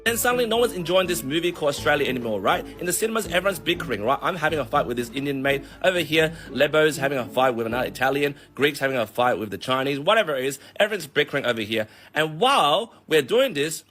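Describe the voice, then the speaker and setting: A man on a comedic, profane rant, telling a long analogy in an animated way. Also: a little high, quick pace, hardly any pauses. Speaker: vlogger.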